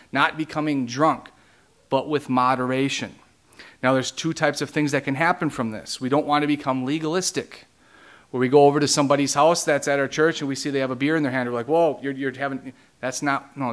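A man's voice: mid-range voice, steady tone, fairly quick, a bit bright. A man pastor teaching a Bible study in a plain, conversational way, explaining each term one by one.

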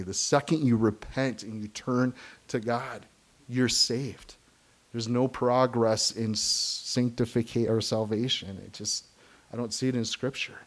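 A middle-aged man preaching a sermon, earnest and emphatic, breaking into short laughs and quick asides. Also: medium pitch, steady tone. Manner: acts out quoted voices of kids and believers. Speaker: pastor.

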